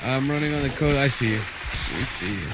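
Male streamer, mid-pitched, casual and chatty over a game session. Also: expressive, very noisy. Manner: chatty, quick to laugh. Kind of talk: casual gaming chat.

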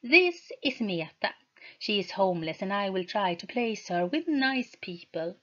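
A woman reader voicing a kind but firm young woman who protects a helpless girl, speaking earnestly and slowly. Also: medium pitch, sing-song, highs cut off.

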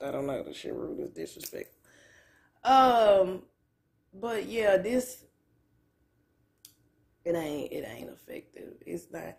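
A woman vlogging casually at home, candid and profane, in pain and close to tears, with a way of talking. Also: lowish voice. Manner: candid, loose, profane, drawling. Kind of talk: casual vlog talk to camera. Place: at home on a couch.

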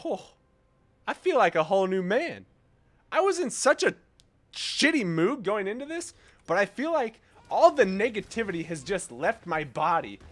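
A young man narrates his own gameplay in a high, lively voice that leaps around in pitch. He drops into low mutters, then bursts into loud, boastful yelling, cursing freely and mocking himself as he goes. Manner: profane, boastful, self-mocking. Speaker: gaming streamer. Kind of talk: excited gameplay commentary.

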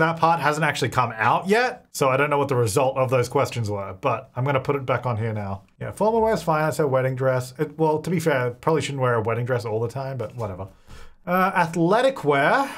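A man's voice: mid-range voice, a bit bright. A young man giving casual, chatty commentary while playing a life-simulation game, laughing often and talking to the characters on screen. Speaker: gaming video creator. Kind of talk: casual let's-play commentary.

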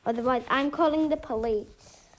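A woman's voice: high voice, normal speed. A woman playing the lead in her own game role-play story, talking in an emotional, dramatic way. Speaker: storyteller and main character.

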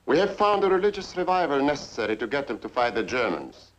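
A man's voice: mid-range voice, very animated, fast talker, muffled recording, a little hiss or hum, natural voice. A man playing a ruthless Soviet general in a 1950s film, speaking coldly and in clipped phrases. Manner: cold, clipped.

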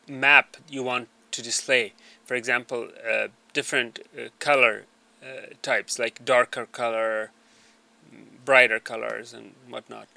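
Male tutorial voice-over, hesitant with many fillers, bright mid-pitched tone, small desk mic. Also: vocal fry, no room sound. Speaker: tutorial narrator. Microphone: small desk microphone.

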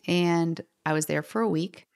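A middle-aged woman telling a personal story as a podcast guest, animated, quoting others and sometimes dropping to a whisper. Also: fairly low pitch, normal speed, vocal fry. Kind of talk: storytelling in conversation.

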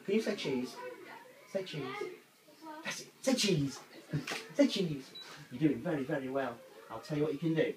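A woman's voice: low voice, expressive, moderate pace, long pauses, noisy background. Playful woman coaxing a toddler. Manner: playful, sing-song baby talk. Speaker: photographer. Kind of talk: coaxing a small child during a photo shoot. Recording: echoey room, mic far off.

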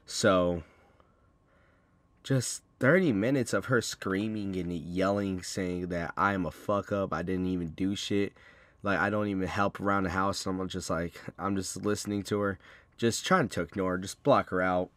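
A young man telling a rambling storytime vlog, swearing freely and getting loud and heated as he retells an argument. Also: low voice, unhurried, no room sound. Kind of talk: casual storytime monologue.

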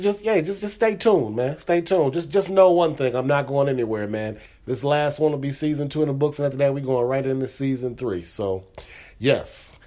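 A man's voice: mid-range voice, a little mellow. A middle-aged man hosting his own comedy podcast, talking loosely and casually with lots of "you know what I'm saying" fillers. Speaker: podcast host. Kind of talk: casual solo podcast monologue.

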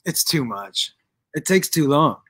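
A man's voice: a little high, lively intonation, measured pace, fairly bright tone, husky, dry recording. Man, host, middle-aged, loose and giggly, rambling, dry close mic. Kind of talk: casual chat while high.

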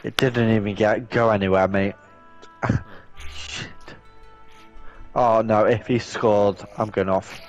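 A man's voice: fairly low pitch, steady tone, slow, long pauses, dull audio, soft background music. A young man, chatting casually and swearing bluntly while he plays a video game. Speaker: gaming vlogger.

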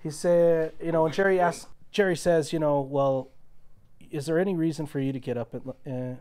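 A man's voice: on the high side, steady tone, brisk, a little mellow, smooth. A man in casual podcast chat, telling a long story and acting out the quotes. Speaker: podcast guest.

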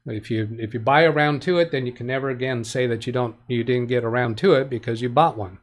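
Fast and mid-range in voice, a man hosts a live tech help stream, reading viewer comments aloud. He rambles with many self-corrections and restarts, and his advice is plain and practical.

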